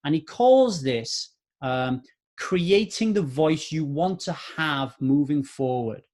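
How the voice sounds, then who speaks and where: A man's voice: on the high side, animated, slow pace, darkish tone. Earnest man in his forties. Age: 40s. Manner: earnest, repeats points for emphasis. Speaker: podcast host. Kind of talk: solo motivational podcast monologue.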